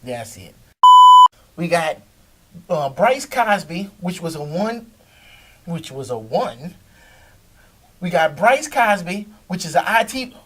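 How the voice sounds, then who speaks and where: A man's voice: high-pitched, slow pace, pauses often, distant mic, a little hiss or hum. A man hosting his own video show, talking casually and loosely, swearing freely and laughing as he answers critics. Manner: animated, swearing, laughs often, talks back to critics. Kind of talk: casual monologue to camera.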